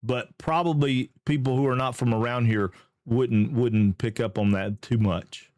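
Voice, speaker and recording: A man from Georgia with a Southern American accent, hosting a live game stream in casual, upbeat chat and greeting viewers excitedly. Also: mid-range voice, measured pace, no echo, clean studio sound. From Georgia, USA.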